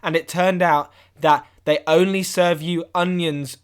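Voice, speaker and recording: A man co-hosting a comedy podcast, speaking in a halting, earnest deadpan with many fillers and restarts. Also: on the high side, clean tone. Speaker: podcast co-host. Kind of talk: deadpan improvised comedy chat.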